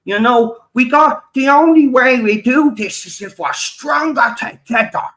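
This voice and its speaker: An Irish man voicing a sanctimonious male online activist in a high, mocking, singsong voice. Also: unhurried, pushed and bright, full character voice.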